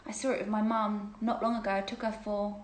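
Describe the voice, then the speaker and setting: A woman's voice: mid-range voice, little pitch movement, fast, roomy sound, a little hiss or hum, rough recording. A woman hosting a casual livestreamed chat, reading out viewer questions, gushing and chatty and laughing often.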